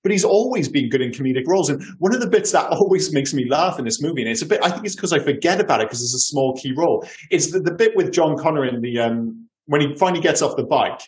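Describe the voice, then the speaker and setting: A man's voice: on the high side, animated, fast talker, few pauses. A man co-hosting a casual film podcast, talking eagerly and acting out lines from films. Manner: enthusiastic, acts out lines from films. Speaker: podcast co-host.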